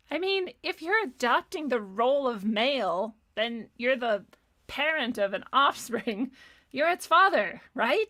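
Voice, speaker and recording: A woman's voice: mid-range voice, a bit bright. A woman host ranting sarcastically in casual commentary, exasperated and profane, often laughing.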